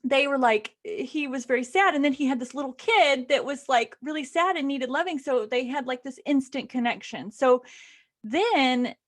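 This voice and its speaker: A woman co-hosting a podcast, casually and excitedly retelling a book she loved, with lots of fillers. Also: high-pitched, normal speed. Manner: animated and gushing, lots of fillers. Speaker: podcast co-host.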